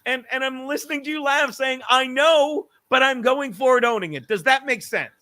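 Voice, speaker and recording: High, bright-voiced man ranting. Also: moderate pace. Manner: animated, swearing, argues with self, laughs often. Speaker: podcast host. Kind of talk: casual comedic rant.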